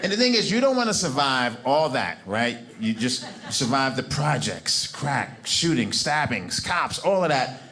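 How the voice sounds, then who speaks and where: A man's voice: medium pitch, very animated, measured pace, bright, forceful tone. A man from Brooklyn telling a stand-up story in an emphatic, repetitive way. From Brooklyn, New York. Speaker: stand-up comedian. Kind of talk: stand-up comedy. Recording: noisy club recording.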